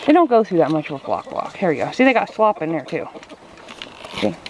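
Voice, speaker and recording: A woman's voice: fairly low pitch, sing-song, fairly quick. Chatty farm lady doing chores outside, voice bouncing all over, clucking hens and noise behind. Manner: chatty, coos baby talk to her animals. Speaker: farm vlogger. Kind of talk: casual chat while doing chores. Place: outdoors at a chicken coop on a farm. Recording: noisy outdoor farm recording. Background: chickens clucking.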